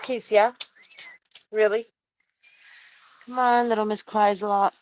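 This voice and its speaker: A woman's voice: medium pitch, steady tone, takes it slowly, pauses often, slight background noise. A woman vlogger chatting casually while outdoors by an animal coop at night, coaxing and fondly talking to her animals. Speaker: pet owner vlogger. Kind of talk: casual chat while doing evening chores.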